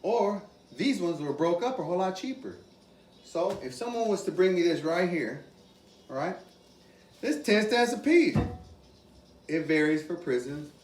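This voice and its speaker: A man hosting a casual cooking demonstration, animated and exclamatory as he talks straight to his viewers. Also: sits high, a little slow, long pauses, faint music behind. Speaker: cooking video host. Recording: roomy, from far off, faint ambient noise.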